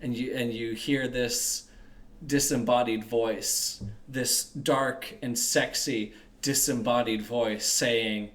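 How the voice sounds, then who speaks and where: A man's voice: medium pitch, fairly even intonation, slow pace. A young man narrating a tabletop role-playing game as game master, with a joking, offhand manner. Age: young adult.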